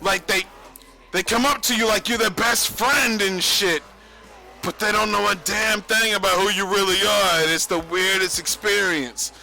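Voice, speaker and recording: A young man rambles on a livestream, swearing freely and boasting between bursts of laughter. His voice sits high and sounds bright and edgy. Faint music plays behind him. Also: steady tone, normal speed, creaky, poor audio. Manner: profane, boastful, laughs often. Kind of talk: rambling casual stream monologue.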